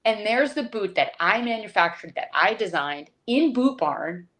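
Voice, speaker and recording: A woman's voice: medium pitch, expressive, normal speed, a bit bright. A woman who is a podcast guest, telling an emotional personal story with many restarts over a video call. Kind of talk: conversational storytelling.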